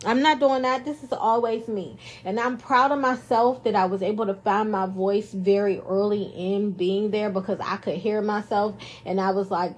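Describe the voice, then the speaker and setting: A woman's voice: mid-range voice, fairly even intonation, moderate pace, few pauses, husky. A woman hosting a podcast in casual chat, playful and jokey, talking into a studio microphone. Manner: playful, jokey, self-praising. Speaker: podcast host.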